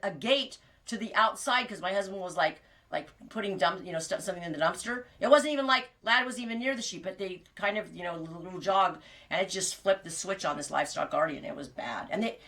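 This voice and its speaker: A woman's voice: on the low side, sharp tone. A woman hosting a casual livestream from her ranch, chatting with viewers and telling rambling stories full of restarts. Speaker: livestream host.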